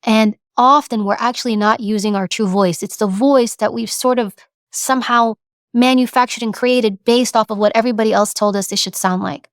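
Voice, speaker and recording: A woman giving a motivational talk, animated and acting out examples as she speaks. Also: on the high side, a little fast, dry recording, clean studio sound. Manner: animated, acts out examples, repeats words. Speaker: speaker on presence and communication.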